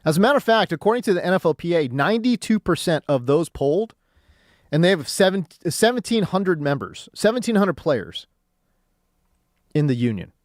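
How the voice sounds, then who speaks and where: A man's voice: sits high, very animated, fairly quick, no echo. A man hosting a sports talk radio show, ranting in a casual, slangy monologue from the studio.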